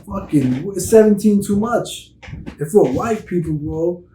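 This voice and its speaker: A young man in his twenties chatting casually on a podcast, animated and profane, acting out stories in voices. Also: high voice, takes it slowly, a little hiss or hum. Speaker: podcast host. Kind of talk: casual chat. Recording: echoey room.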